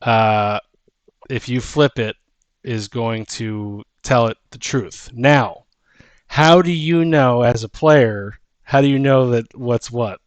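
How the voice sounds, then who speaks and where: A man's voice: mid-range voice, slow pace, no echo. A man running a tabletop game as game master, narrating with frequent ums and restarts.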